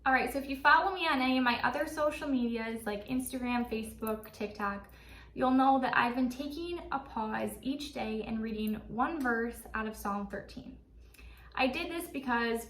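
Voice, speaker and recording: A woman's voice: on the high side, a bit bright, reverberant, far from the mic, a little hiss or hum. A young woman teaching a casual devotional Bible study, earnest and chatty with lots of fillers.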